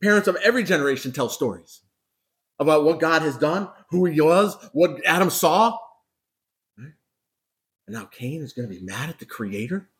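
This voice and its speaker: A man's voice: fairly high pitch, expressive, moderate pace, pauses often, fairly bright tone. A man preaching a sermon as a pastor, talking conversationally, asking rhetorical questions and repeating words for emphasis. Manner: emphatic repetition.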